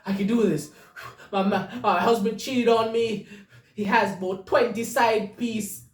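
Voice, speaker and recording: Woman doing a despairing lady on a cliff, stammers a lot, slow, roomy echo. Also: medium pitch, fairly even intonation, recorded from a distance, natural voice. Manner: stammering repeated words while listing grievances. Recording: echoey room, voice away from the mic.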